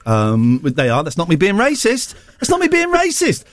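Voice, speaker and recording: A man's voice: sits high, wildly swooping pitch, moderate pace, no echo. A man hosting a radio show, joking and rambling playfully with his co-hosts. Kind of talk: casual on-air banter.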